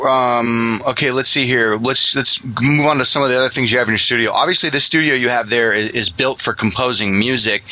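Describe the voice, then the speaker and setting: A man's voice: medium pitch, sharp tone, low-quality recording. A man hosting a casual interview podcast, chatty and joking, with lots of fillers. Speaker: podcast host.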